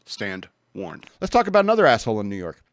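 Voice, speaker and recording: A man's voice: on the high side, huge pitch swings, racing, dry recording, studio quality. A man hosting a podcast, ranting bluntly and sarcastically with many restarts. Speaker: podcast host. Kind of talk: casual opinion rant.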